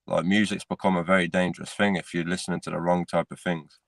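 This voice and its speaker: A very low-voiced man, talking easily on a casual podcast. He keeps it relaxed and scatters "mate" and "innit" through his sentences. The recording is close and dry, with no room sound. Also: fast talker, vocal fry, no echo. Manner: laid-back, peppers speech with "mate" and "innit". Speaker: podcast co-host. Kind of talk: casual chat.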